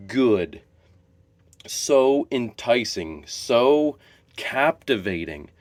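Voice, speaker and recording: A man's voice: medium pitch, no room sound. A man talking casually to his viewers, enthusiastic and rambling, often restarting and correcting himself. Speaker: wrestling video creator. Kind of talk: casual solo commentary to camera.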